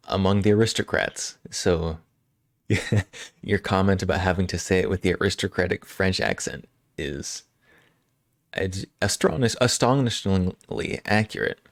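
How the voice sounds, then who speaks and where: Low slow-talking chuckling man. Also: no room sound, studio quality. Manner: chuckling, rambling, halting restarts. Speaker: streamer. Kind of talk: casual live-stream chat.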